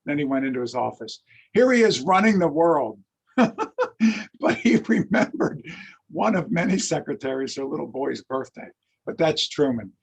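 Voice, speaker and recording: Gravelly-voiced man telling history anecdotes. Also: a little high, a little fast. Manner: animated storyteller, acts out quotes. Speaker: lecturer and teacher.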